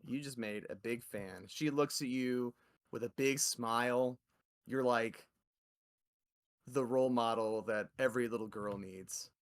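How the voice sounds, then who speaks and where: A man's voice: mid-range voice, unhurried. A man narrating as game master in a tabletop role-play, in a casual, loose way with many fillers.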